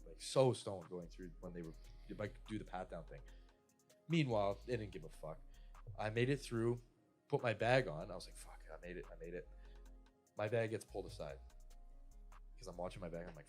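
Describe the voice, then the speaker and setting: A man's voice: low-pitched, darkish tone. A young Canadian man telling a rambling, profane story to friends on a podcast. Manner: rambling, profane, lots of "like" and "I'm like". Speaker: podcast co-host. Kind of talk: casual storytelling among friends.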